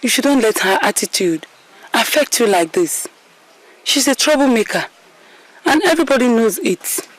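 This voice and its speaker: A woman playing a gentle young princess. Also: fairly high pitch, expressive, normal speed, long pauses, slight background noise, lightly acted. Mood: consoling. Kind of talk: Nollywood film acting.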